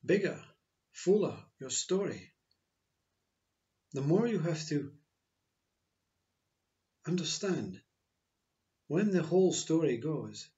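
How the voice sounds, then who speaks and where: A man giving a slow, reflective spiritual talk, repeating his phrases as he teaches. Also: on the high side, expressive, mellow, lo-fi sound. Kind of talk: spiritual monologue.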